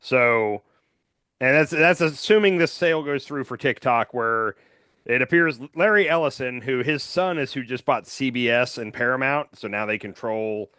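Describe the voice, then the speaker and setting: A man hosting a podcast, chatting casually about politics in an animated, joking way, often trailing off quietly at the end of a thought. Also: medium pitch, moderate pace, clear, resonant tone, no echo, clean studio sound. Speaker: podcast host.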